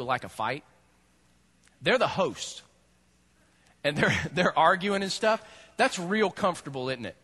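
A male pastor preaching a sermon, animated and humorous as he tells the story. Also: a little high.

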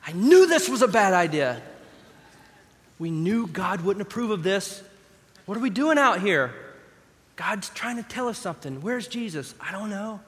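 A man's voice: sits high, expressive, moderate pace, hardly any pauses, a bit bright, big-room sound, voice pushed up. A man playing panicking male disciples caught in a storm, in a sermon retelling. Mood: panicked.

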